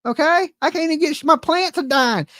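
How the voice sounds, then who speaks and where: A woman's voice: high voice, a little fast, fairly bright tone, no room sound. A woman ranting in casual chat, profane and exasperated, rambling with frequent restarts. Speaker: livestream host. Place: home.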